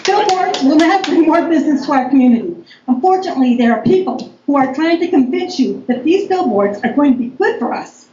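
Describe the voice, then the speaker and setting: A woman giving a firm, deliberate public comment as a local business owner at a town board meeting. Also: sits high, animated, a little mellow. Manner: firm, deliberate, reading aloud. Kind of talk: reading a prepared public comment. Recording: echoey meeting room, dull lo-fi audio, faint noise.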